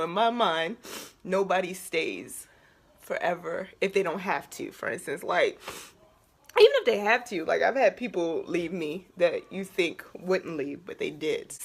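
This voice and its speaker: A woman from the Baltimore area talking to camera in a personal vlog, halting and emotional, moving between laughter and tears. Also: on the low side, animated, vocal fry, slightly rough. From Baltimore area, USA. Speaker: vlogger.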